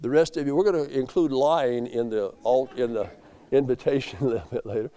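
A man preaching a sermon, swinging from low, quiet asides up to loud emphatic peaks. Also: brisk. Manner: rising to emphatic peaks, then dropping low.

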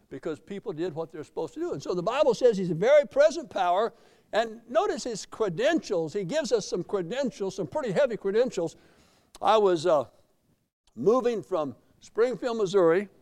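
A middle-aged American man preaching a sermon, telling folksy stories and swelling loud in praise. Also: high-pitched. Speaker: pastor.

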